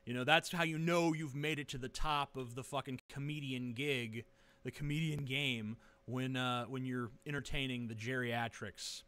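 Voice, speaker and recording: Sarcastic male vlogger, webcam rant, smooth and bright voice, swearing and rambling. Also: medium pitch, steady tone, normal speed. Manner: sarcastic, profane, rambling with many fillers. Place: living room.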